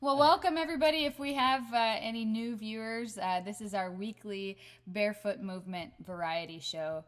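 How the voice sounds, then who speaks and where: A woman's voice: mid-range voice, normal speed. Chatty woman hosting a home livestream. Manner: chatty, laughing often, many fillers. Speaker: band member hosting a livestream. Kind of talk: casual livestream chat.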